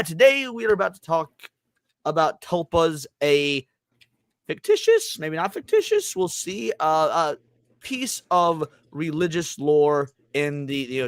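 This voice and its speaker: A man's voice: on the high side, a bit bright, no room sound. Joking man hosting a livestream podcast. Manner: loose, joking, greeting chat by name. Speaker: podcast host. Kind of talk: casual chat.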